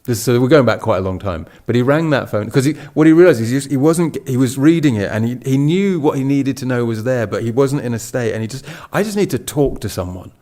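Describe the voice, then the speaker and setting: A man's voice: medium pitch, fast, few pauses, warm tone. Chatty man telling a story. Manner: storytelling with restarts and acted quotes. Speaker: Buddhist teacher giving a talk. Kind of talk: casual spoken dharma talk.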